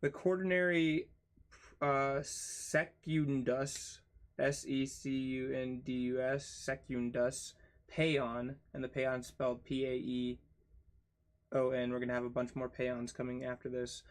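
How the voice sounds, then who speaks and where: A man reads a textbook aloud at an unhurried pace, stopping to spell difficult terms letter by letter. His tone is casual, and he drops in self-mocking asides between the entries. It plays as a relaxed read-along lesson. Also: medium pitch, clean tone. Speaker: channel host reading a book aloud.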